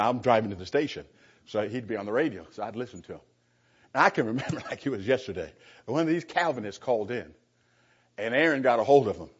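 Husky-voiced man preaching to a class. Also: mid-range voice, highs cut off. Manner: sarcastic, chuckling, addresses the room directly. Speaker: preacher teaching a Bible class. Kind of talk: informal classroom sermon.

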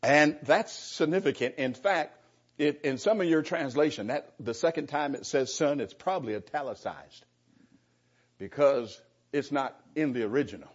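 A man's voice: mid-range voice, breathy edge, highs cut off. A man, a pastor, teaching a Bible class in an earnest, emphatic way and putting questions to the class.

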